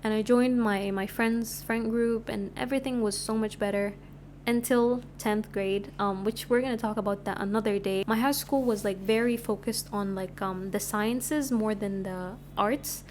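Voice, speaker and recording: A woman's voice: mid-range voice, moderate pace, slight background noise. A woman in her twenties from Sudan, chatting casually as she tells stories on her podcast and filling her talk with "like". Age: 20s. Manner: chatty, animated, lots of filler "like". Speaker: podcast host. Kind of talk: casual storytelling.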